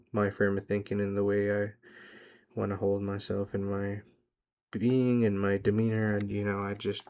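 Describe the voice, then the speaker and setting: Gravelly low-voiced man, profane pep talk. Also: darkish tone. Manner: rambling, profane, self-hyping. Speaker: vlogger. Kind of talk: casual motivational monologue. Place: in a car. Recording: dull lo-fi sound.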